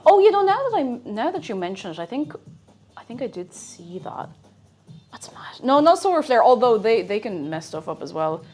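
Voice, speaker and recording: A woman's voice: a little high, very animated, a little fast, a little mellow, slightly rough. A young woman streamer chatting casually and rambling while she cooks, with frequent exclamations. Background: faint music.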